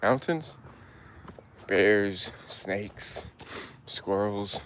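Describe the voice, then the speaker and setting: A man's voice: fairly low pitch, very slow, fairly bright tone, a little hiss or hum. A man out of breath, hiking a hilly trail outdoors and chatting casually as he answers live chat. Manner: breathless, laid-back, answers chat questions aloud.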